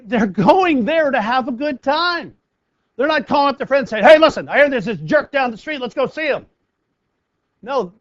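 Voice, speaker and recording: A high-pitched American man coaching performers in a motivational talk, bouncing into little acted-out scenes as he tells stories. The sound is dry and close, a bit muffled and lo-fi. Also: dry recording. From United States. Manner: animated storyteller acting out scenes.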